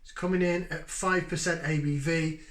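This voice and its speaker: Bright, chatty man in a roomy room. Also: fairly high pitch, normal speed. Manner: chatty, jokey, with lively bursts of enthusiasm. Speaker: beer review channel host. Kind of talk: casual beer review chat. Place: home room, indoors.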